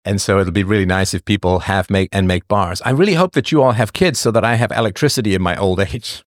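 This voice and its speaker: Chatty, blunt man with a lowish voice. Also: fast talker, no room sound, clean studio sound. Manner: chatty and blunt, laughs often, drifts off topic. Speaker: livestream host answering viewer questions. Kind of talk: casual chat.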